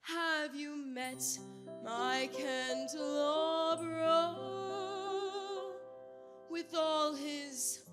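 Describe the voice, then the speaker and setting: A woman's voice: high voice, level tone, very slow, over loud music. A woman playing an exasperated, bookish storybook princess in a live stage musical, singing comic complaints. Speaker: stage actor. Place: school auditorium stage. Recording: long reverb in a big hall.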